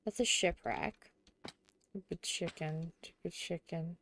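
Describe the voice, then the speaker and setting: A young adult woman streaming a video game, chatting casually and giggling, often murmuring quietly to herself. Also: fairly low pitch, a little slow, slight background noise. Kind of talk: casual gameplay chat.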